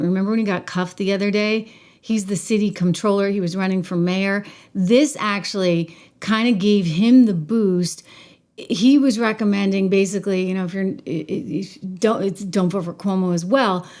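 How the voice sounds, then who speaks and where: A woman hosting a casual political commentary stream, talking to viewers in an animated, emphatic way with frequent restarts and asides. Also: mid-range voice, normal speed.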